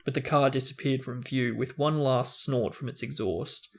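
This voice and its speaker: A man's voice: mid-range voice, normal speed, creaky. Man reading a novel aloud expressively. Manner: expressive reading with small restarts. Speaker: book discussion host.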